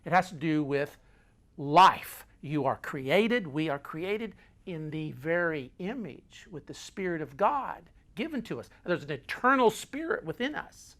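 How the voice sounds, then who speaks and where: A middle-aged man hosts a motivational talk in a fairly high, expressive voice at a measured pace. He's a folksy speaker who talks with his hands, driving his points home by repeating key phrases and swinging between loud and quiet.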